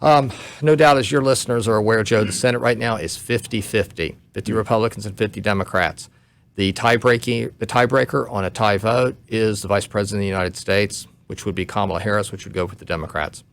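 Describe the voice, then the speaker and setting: A guest commentator on a talk radio show, this man explains law step by step in a measured way, with some restarts, sounding short on sleep. His voice is lowish and creaky.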